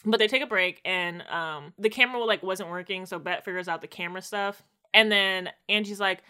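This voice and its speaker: A woman casually recapping a TV episode as podcast co-host, slangy and expressive, voicing characters' quotes. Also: mid-range voice, a little fast, smooth.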